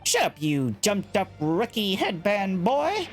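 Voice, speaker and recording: A man voicing a pompous, blustering male official who shouts in anger at a young lawyer. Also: high voice, huge pitch swings, unhurried, soft background music, heavily acted. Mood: furious. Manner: shouting, indignant.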